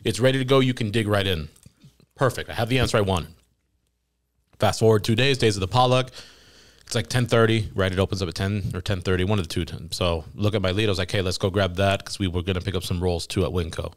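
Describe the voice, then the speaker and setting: A young man with a fairly low voice tells a long workplace story in a relaxed podcast chat. He acts out the lines of the other people in it and laughs now and then. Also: quick pace. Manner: animated storyteller quoting voices, laughing at his own story. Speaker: podcast guest. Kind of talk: casual storytelling.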